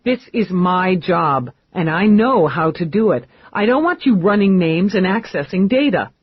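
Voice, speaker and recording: Guy doing a tough lady cop, brusque and snappy, kinda husky, pitched up high. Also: lively intonation, normal speed, lo-fi sound. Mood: exasperated. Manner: brusque, exasperated. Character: tough, blunt female police lieutenant.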